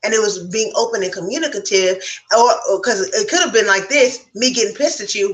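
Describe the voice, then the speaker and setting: A woman's voice: mid-range voice, brisk, poor audio. A woman speaking as a guest on a casual round-table chat, frank and reflective, talking at length.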